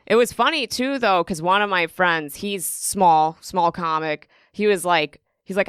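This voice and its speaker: A young woman comedian, guest on a casual podcast, telling stories with animated, acted-out quotes. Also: on the low side, normal speed, hardly any pauses, smooth, no echo, clean studio sound. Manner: animated storytelling, acts out quotes.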